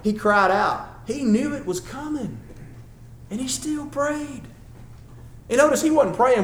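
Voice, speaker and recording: A man's voice: very high-pitched, lively intonation, moderate pace, roomy sound. A man preaching a sermon as a church elder, talking in a folksy, conversational way that builds to emphatic passages.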